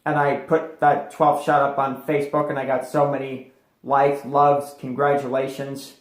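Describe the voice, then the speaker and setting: A man's voice: medium pitch, little pitch movement, moderate pace, roomy sound. A man telling a personal story as an interview guest, rambling with many fillers and restarts.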